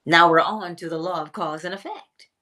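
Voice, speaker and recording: A woman teaching a spiritual lesson in a theatrical way, pausing often and dropping to a whisper for emphasis. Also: lowish voice, pushed and bright.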